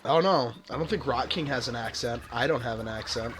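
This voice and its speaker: A man's voice: medium pitch, brisk, noisy background. A man streaming a video game, talking casually and sardonically, often swearing. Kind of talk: casual gaming chat.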